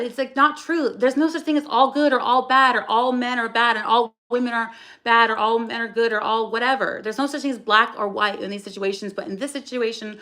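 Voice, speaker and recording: A woman's voice: a little high, a bit bright. A woman hosting a livestream from her phone, talking in a raw, blunt and profane way, with frequent restarts. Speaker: livestream host. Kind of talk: emotional livestream monologue.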